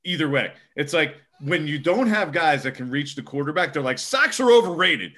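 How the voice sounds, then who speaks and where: A young man giving casual sports podcast analysis, emphatic and animated, often tacking on "okay?". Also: a little high, brisk. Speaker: co-host.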